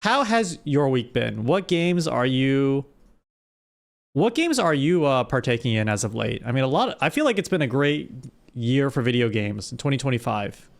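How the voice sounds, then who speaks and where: A young man streaming live, chatting casually with his viewers while gaming, animated and rambling with restarts. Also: mid-range voice, moderate pace, vocal fry. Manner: animated, talks straight to chat, rambling with restarts.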